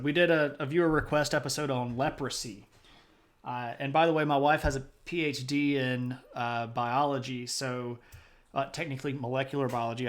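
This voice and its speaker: A man hosting a history live stream, chatting casually with many fillers and laughs. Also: a bit bright. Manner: high sing-song voice talking to his puppy. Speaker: livestream history show host. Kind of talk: casual livestream chat.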